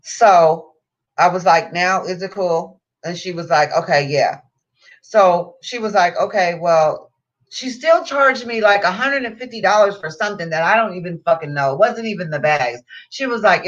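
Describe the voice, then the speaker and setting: A woman's voice: mid-range voice, moderate pace. A woman vlogger telling a story in a casual rant, heavy on swearing, acting out what people said. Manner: profane, animated storytelling with acted-out quotes. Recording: dull lo-fi sound.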